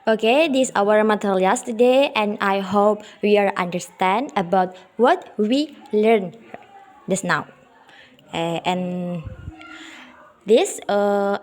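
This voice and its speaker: Woman, fairly high voice, student wrapping up a presentation, simple English. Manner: simple, non-native English grammar. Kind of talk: closing a class presentation.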